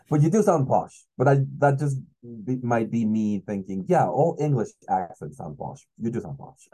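Mellow male comedian. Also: medium pitch, lively intonation, a little slow, low-quality recording. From Mexico City. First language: Spanish. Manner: laid-back, laughing, filler-heavy. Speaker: guest comedian. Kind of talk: casual interview chat.

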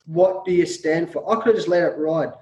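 Middle-aged Australian male coach, lively storyteller who bursts into quoted shouting; higher voice, reverberant room. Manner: acts out quoted shouting, rapid repetitions. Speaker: cricket coach and author. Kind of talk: animated storytelling in an interview.

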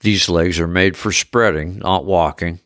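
A man's voice: sits low, lively intonation, measured pace, fairly bright tone, dry recording, clean studio sound, heavily acted. A man voicing a flirtatious female android companion with chirpy, stiff robotic phrasing.

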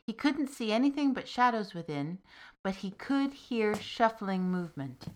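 A woman narrating a fairy tale in a measured, expressive storytelling manner. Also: medium pitch, noisy background.

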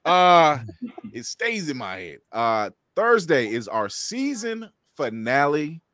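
A man hosting a podcast, playful and lively, thanking viewers and plugging upcoming episodes. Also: a little high, takes it slowly, no echo, clean studio sound. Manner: lively, playful, laughing often. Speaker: podcast host. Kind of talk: casual podcast chat.

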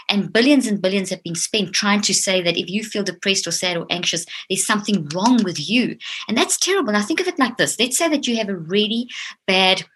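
A woman's voice: mid-range voice, fairly bright tone, slightly rough. A woman giving an impassioned, explanatory talk, emphatic and earnest, often repeating words as she builds a point, speaking outdoors. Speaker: speaker on mind and mental health. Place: outdoors near a tree.

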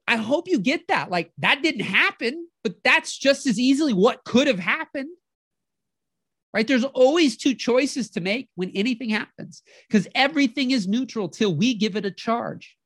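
A podcast host giving a motivational talk in an animated way, often acting out inner voices and checking in with the listener. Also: mid-range voice, normal speed, husky, dry recording, studio quality. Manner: animated, acts out inner voices, keeps asking "right?".

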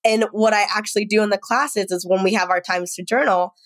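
A woman in her thirties speaks as a guest in a relaxed interview, with a mid-range voice. She tells stories in an animated way and is quick to laugh and act out voices. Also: mid-range voice, no room sound. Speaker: guest, dance movement practitioner. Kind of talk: casual interview conversation.

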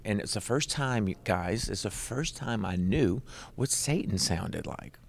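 A middle-aged man, a Christian rock musician, telling his personal testimony in an animated, conversational way. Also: low voice, unhurried, gravelly. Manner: animated, conversational, leans on "right?".

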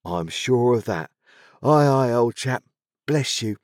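A man's voice: mid-range voice, big pitch swings, a little slow, creaky, a little mellow, no echo, clean studio sound, voice pushed up. A man voicing a kindly, simple village blacksmith who talks in a homely rustic dialect. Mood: fond.

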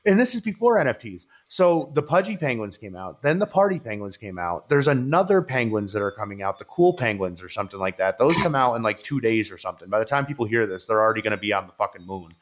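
A man hosts a podcast in loose, casual chat. He rambles and gets excited, piles up fillers and restarts, and swears freely. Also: lowish voice, fast talker, hardly any pauses. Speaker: podcast host.

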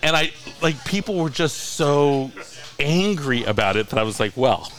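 A man's voice: a little high, lively intonation, normal speed, a bit bright. Wry, laughing man telling stories. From Coachella Valley, California. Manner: wry, mocking storyteller who laughs often. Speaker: guest author. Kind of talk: casual podcast chat, storytelling.

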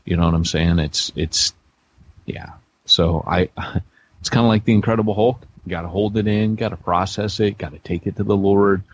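A man's voice: low voice, steady tone, moderate pace, breathy edge, highs cut off. A middle-aged man co-hosting a podcast, telling rambling, self-deprecating stories with many restarts in a casual chat. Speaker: podcast co-host, church planter.

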